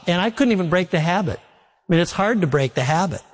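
Folksy preacher in an echoing hall. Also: male voice, high-pitched, animated, a little fast. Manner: folksy storytelling preacher, acts out quotes. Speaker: pastor. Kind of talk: sermon.

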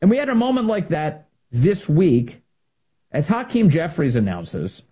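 A man's voice: fairly high pitch, sing-song, measured pace, warm tone, slightly rough. A man giving an opinionated political monologue, emphatic and repeating key phrases for effect. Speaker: political commentator.

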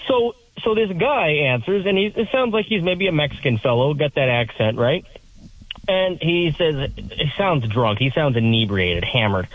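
Animated husky man on a phone line. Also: a little high, moderate pace, no echo. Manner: animated storyteller, mimics voices, laughs a lot. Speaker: caller. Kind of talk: storytelling phone call.

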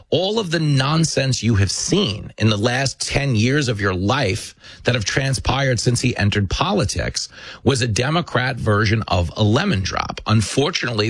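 A male host delivers a sarcastic, impassioned commentary monologue in an average-pitched voice. He talks quickly and tells stories along the way. The sound is close and dry, with no room echo. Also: a bit bright, slightly rough. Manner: fast, sarcastic, impassioned, storytelling.

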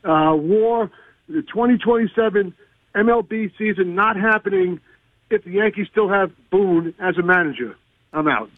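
A man's voice: high voice, animated, moderate pace, no room sound. A man in his sixties calling a sports radio show, griping in an exasperated way and stammering over repeated words. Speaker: caller. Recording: tinny dry phone line.

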